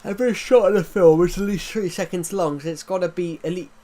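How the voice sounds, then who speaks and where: A man's voice: high-pitched, fairly quick, mellow. An English man chatting casually on a livestream, rambling with many restarts and fillers, his throat sore. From England. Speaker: livestream host.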